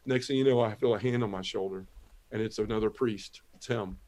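A man's voice: on the low side, brisk, darkish tone. A middle-aged man giving an earnest personal testimony as a guest on a talk show, telling his story step by step and acting out the lines of others. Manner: earnest storytelling, Southern turns of phrase, acts out quoted lines. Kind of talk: personal testimony in a podcast interview.

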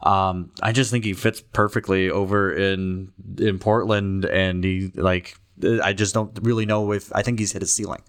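A young man co-hosts a sports podcast in easy, casual chat. His voice sits on the low side. He rambles through fillers and restarts and laughs along with his friends. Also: little pitch movement, moderate pace, hardly any pauses, smooth. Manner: loose, laughing, filler-heavy banter. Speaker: podcast co-host.

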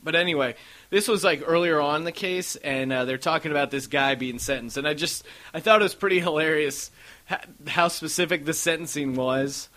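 Bright-voiced man telling rambling stories. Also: fairly high pitch, fairly quick. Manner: rambling storyteller, acts out quotes. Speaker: podcast host. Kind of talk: casual podcast chat.

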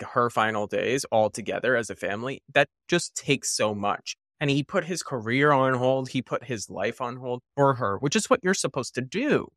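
A man co-hosting a podcast and chatting casually about a film. He talks earnestly and laughs easily. His voice sits at a middle pitch in a dry, close recording. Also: fairly bright tone, no echo. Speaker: podcast co-host.

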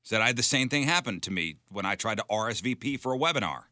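Man, radio co-host, bright forceful voice, lower pitch, playful storytelling, dry studio sound. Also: lively intonation, fast, dry recording. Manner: playful, reads quotes in punchy voices. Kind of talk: casual banter, reading out news stories.

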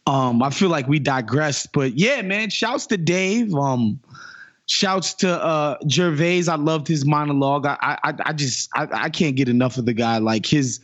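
A man in a podcast chat who rambles and hesitates, leaning on fillers. His voice is slightly high. The mic sounds a little dull. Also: moderate pace, a bit bright.

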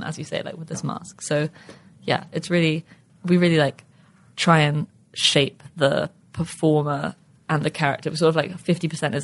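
A British-accented guest talks quickly in a relaxed interview, piling on fillers and playful asides. The voice has a gravelly, creaky edge and sits at a middle pitch. The words tumble out at a brisk clip. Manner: fast, chatty, full of fillers and acted quotes. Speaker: co-creator of a stage musical, guest. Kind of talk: casual interview chat.

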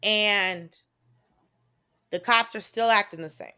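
A bright-voiced Southern woman in her thirties holds the floor in a casual comedy chat. She tells stories with emphatic energy, swears freely and slips into lively quoted voices. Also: mid-range voice, takes it slowly, clean tone. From American South. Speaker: comedian guest. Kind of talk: casual podcast chat, animated storytelling.

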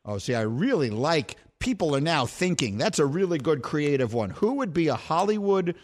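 A man's voice: a little high, sing-song, moderate pace. A man hosting a sports call-in radio show, bantering playfully and teasing in a game-show manner.

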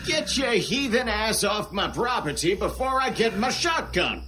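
A man putting on the voice of a grumpy old man who scolds trick-or-treaters in a slow, cranky drawl, as audio drama acting. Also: high voice, big pitch swings, bright, forceful tone, a little hiss or hum, heavily acted.

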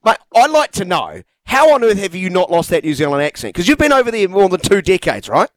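A man's voice: high voice, big pitch swings, a little fast, no room sound, poor audio. A man hosting a sports podcast, chatty and friendly, often hedging as he asks his questions. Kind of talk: casual interview.

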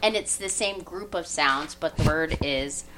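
A woman hosting a casual group chat, animated and laughing at her own mispronunciations. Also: deep voice, unhurried, noisy background. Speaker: podcast host.

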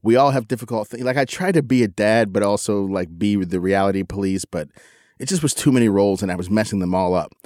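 A middle-aged man with a low, steady voice tells a story on a podcast in a candid, self-critical way, often restarting his sentences. The sound is dry and close. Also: fairly quick, no room sound. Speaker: podcast co-host. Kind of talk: casual storytelling.

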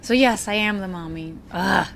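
A woman's voice: mid-range voice, unhurried, a bit bright, a little hiss or hum. A woman interviewed on a film set, chatting casually, giggly and hesitant with many restarts.

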